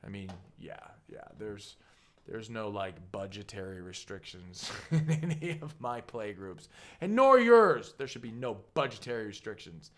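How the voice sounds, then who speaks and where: A man hosting a casual card game deck walkthrough, playful and rambling, with goofy asides and sudden jumps in pitch. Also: moderate pace. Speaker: deck tech host.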